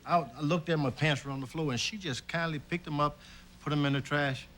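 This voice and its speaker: A man's voice: fairly high pitch, fairly even intonation, fairly quick, a bit bright, a little hiss or hum. A man telling anecdotes as a talk show guest, chuckling and acting out the voices he quotes. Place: TV studio.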